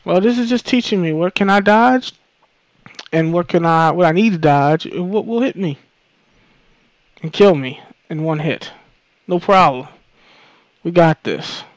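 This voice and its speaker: A woman doing let's play commentary, trash-talking enemies with profanity and loud whoops. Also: on the low side, a little slow, long pauses, dry recording. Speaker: gamer playing on stream. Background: game music and gunfire.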